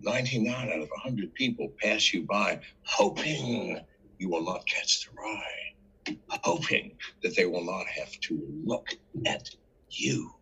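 A man telling a story in a casual interview, animated and full of profanity. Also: sits low, breathy edge, low-quality recording. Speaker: interview guest.

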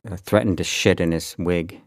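Deep-voiced joking man co-host. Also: fairly even intonation, normal speed, no room sound, studio quality. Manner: joking asides, short replies. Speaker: podcast co-host. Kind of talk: casual chat.

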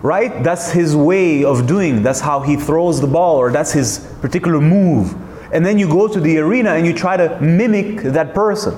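A man's voice: a little high, moderate pace, a little mellow, reverberant. A man hosting a talk, speaking in an emphatic, searching way, full of rhetorical questions and restarts. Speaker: host. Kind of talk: reflective monologue.

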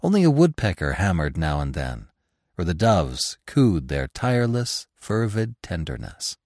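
A man narrating a classic novel in a measured, expressive storytelling voice. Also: low voice, no room sound, clean studio sound.

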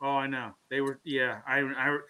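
A man's voice: mid-range voice, level tone, moderate pace, bright, forceful tone. A man co-hosting a hockey talk show, telling long stories in casual chat, full of "you know" fillers. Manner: rambling storyteller, many "you know" fillers.

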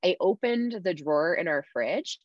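A woman's voice: on the low side, lively intonation, moderate pace, dry recording. A woman talking candidly in casual podcast chat, with lots of "like" fillers. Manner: candid, chatty, many "like" fillers. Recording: slightly dull dry sound.

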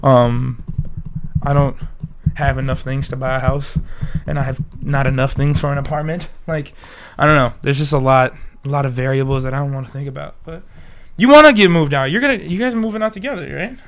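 A young man co-hosts a casual podcast at a desk mic, sounding sick but still joking, swearing heavily, and laughing often. His voice is mid-range and his pace fairly quick.

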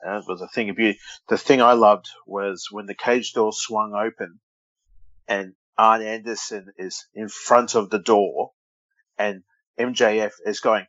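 A man's voice: fairly low pitch, steady tone, a little slow, a bit bright, no room sound, highs cut off. A man co-hosting a wrestling podcast in casual chat, joking and teasing, often stumbling over names. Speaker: podcast co-host.

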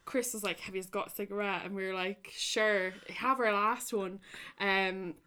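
Bright-voiced Irish woman telling stories. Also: mid-range voice, normal speed, smooth. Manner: animated, laughing storyteller. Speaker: podcast co-host. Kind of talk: casual chat, storytelling.

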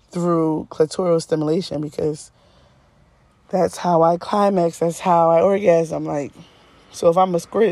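A woman's voice: on the low side, warm tone, no room sound. A woman hosting a podcast, telling a personal story in a frank, casual way, often laughing and swearing. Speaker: podcast host.

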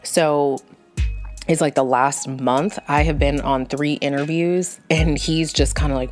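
Blunt, profane woman with a low voice. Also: fairly even intonation, a little slow, darkish tone, soft background music. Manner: blunt, profane, fired-up storytelling. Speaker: vlogger venting about work. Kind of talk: casual storytime rant.

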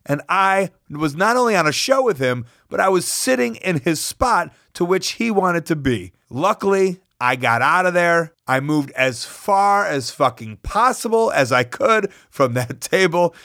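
A man tells a story on his own podcast with lively, self-mocking energy and plenty of swearing. His voice sits a little high. The mic is dry and close, with almost no room sound. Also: unhurried, hardly any pauses, no echo. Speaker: podcast host. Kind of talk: storytelling monologue.

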